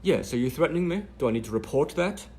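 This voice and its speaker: A man's voice: lively intonation, fast talker, mellow, slightly rough. A man voicing an indignant, suspicious woman journalist in a put-on British accent, with a prim, accusing delivery. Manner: prim, accusing, raised pitch.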